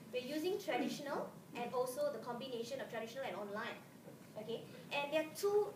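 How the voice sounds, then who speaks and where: Woman lecturing in an echoey hall. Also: sits high. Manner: chatty, keeps checking in with the audience. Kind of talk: conference presentation. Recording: roomy, distant mic, noisy hall.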